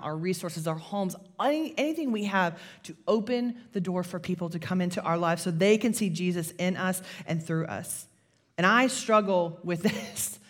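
A woman pastor, preaching a sermon in a conversational, animated storytelling way. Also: lowish voice.

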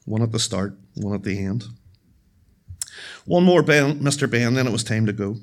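Brief: man, mid-pitched, measured live storyteller, dry and wry. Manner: wry, measured, dark humour. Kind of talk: live first-person storytelling. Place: stage at a live event.

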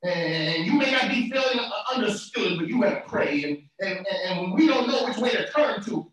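Male preacher, high and animated, fervent delivery with repeated words; far-off mic, very roomy echo. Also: a little fast, hardly any pauses. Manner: fervent preaching that swings from soft talk to shouts; repeats words and phrases for emphasis. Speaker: pastor. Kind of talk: sermon.

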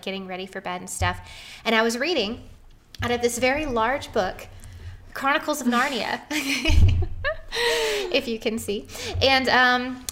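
Earnest, animated woman telling a story. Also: fairly high pitch. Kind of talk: personal story on a podcast.

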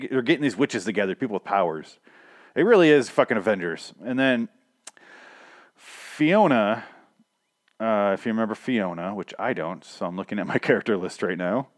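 Rambling, swearing man recapping a show. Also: lowish voice. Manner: rambling, swearing, self-interrupting with laughs. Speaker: podcast host recapping a TV show. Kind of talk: casual profane recap monologue.

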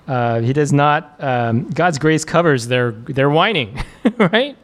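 A man preaching in a relaxed, conversational way, with a fairly high-pitched voice. He chuckles often and fills his pauses with "uh" and "um". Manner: casual, chuckling, many fillers. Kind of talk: conversational sermon.

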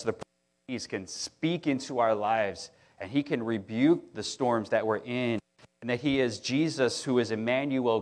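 A middle-aged man preaches in a loose, conversational way. He gets animated as he tells stories and trips over restarts. His voice sits at an ordinary middle pitch. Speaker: pastor. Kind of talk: sermon.

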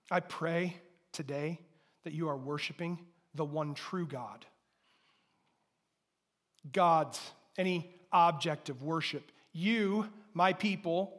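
A man preaching a sermon to his congregation as pastor, emphatic, moving between loud declarations and quiet asides, and asking the room to repeat lines after him. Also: high voice. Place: church sanctuary before a congregation.

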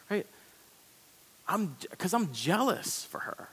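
A man preaching a sermon as pastor, in a conversational, animated way with quick asides. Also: on the high side, breathy edge. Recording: long hall reverb.

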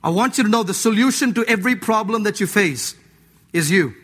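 A man preaching a sermon as a pastor, emphatic, jumping from loud urging to low asides, in a church. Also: expressive, fairly quick, husky. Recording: long hall reverb.

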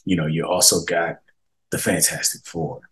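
Animated, slangy man hosting a gaming podcast. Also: low voice, normal speed, poor audio. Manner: animated, laughing, slangy reactions to viewer comments. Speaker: podcast host. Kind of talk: casual gaming podcast chat.

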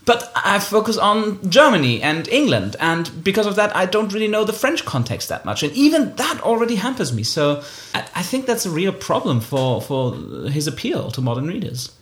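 A man talking casually about a book as co-host, animated and full of fillers and restarts. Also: high-pitched, moderate pace. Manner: animated, self-interrupting with fillers.

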